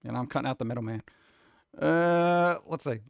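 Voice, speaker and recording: Male stream host, casual and self-mocking chat; smooth, dry close-mic sound. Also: mid-range voice, brisk, no echo. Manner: rambling, joking, self-deprecating. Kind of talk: casual chat reading viewer comments.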